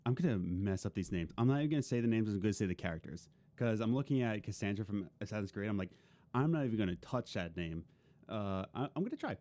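Animated young man, mellow dry voice. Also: fairly low pitch, fast talker, few pauses. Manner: rambling, many restarts, lively excited delivery. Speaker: podcast co-host. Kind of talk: casual chat.

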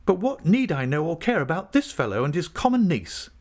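A man's voice: a little high, big pitch swings, fairly quick, a little mellow, voice pushed up. A man voicing a scornful, furious young woman in an audiobook, speaking with vehement, venomous rage.

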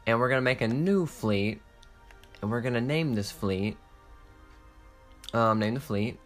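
A young man giving casual, excitable commentary while playing a strategy game, swearing often and laughing through his restarts. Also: mid-range voice, unhurried, soft background music. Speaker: gaming content creator.

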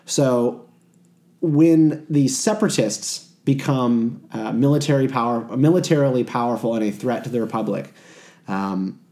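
A man hosting a podcast, talking in a brisk, upbeat, casual way with the odd filler. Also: mid-range voice, dark tone. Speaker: podcast host.

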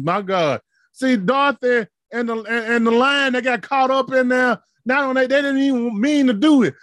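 With an extremely high-pitched voice, a man preaches passionately and rhythmically, climbing to shouts and easing down into soft asides. No room sound is audible.

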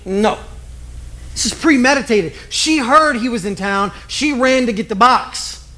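A man preaching a sermon with lively storytelling, acting out the people he quotes. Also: extremely high pitch, measured pace. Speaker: pastor.

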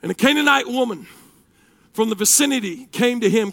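A man preaching a sermon, his voice very high, bright and edged with gravel. He swings from shouted, fiery passages to hushed, quiet storytelling, and the recording is close and dry. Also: lively intonation, normal speed, dry recording.

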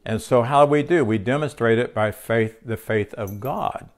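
Man giving a relaxed home sermon. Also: mid-range voice, normal speed. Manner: conversational, with fillers and self-corrections. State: tired. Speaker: teacher of spiritual lessons. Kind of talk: home-recorded spiritual teaching. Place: home room.

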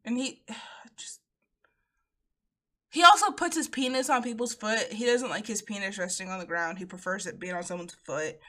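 A woman's voice: medium pitch, brisk, hardly any pauses. A woman in casual chat, swearing freely and laughing often as she tells stories. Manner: laughing, profane, animated storytelling.

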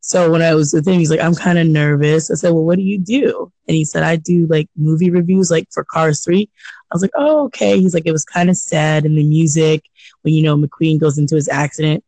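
Lively storytelling man, dry close sound. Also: fairly high pitch, a little fast, dry recording, rough recording. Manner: animated storyteller, laughs often, acts out quotes. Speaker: podcast co-host. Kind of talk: casual chat.

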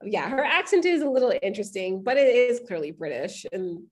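A woman co-hosting a chatty podcast, her voice leaping high and low as she talks. She is animated and acts out the voices of the people she quotes. Her voice sits at a middling height for a woman. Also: a little fast. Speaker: podcast co-host. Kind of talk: casual chat.

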